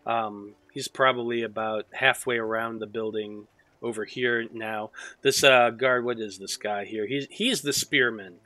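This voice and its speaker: A man narrating as game master with a bright, sharp tone. The sound is dry and close. He tells the scene loosely, swears freely and restarts his sentences. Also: medium pitch, steady tone, measured pace, dry recording, poor audio.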